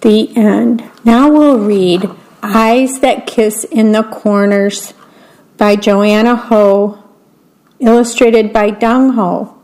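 A woman reading picture books aloud in a gentle manner, describing the pictures as she goes. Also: mid-range voice, steady tone, takes it slowly, rough recording. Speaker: read-aloud storyteller.

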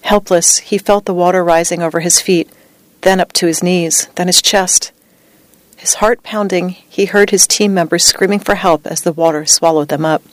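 A woman reading a true story as scripted narration, with a measured, even delivery. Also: on the low side, no echo.

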